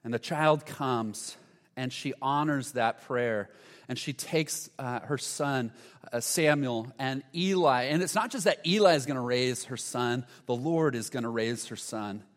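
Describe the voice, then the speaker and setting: Earnest pastor preaching in an echoey hall. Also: male voice, mid-range voice, unhurried. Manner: earnest, with frequent restarts; drops to a soft hush for quoted prayers. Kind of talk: sermon. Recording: long hall reverb.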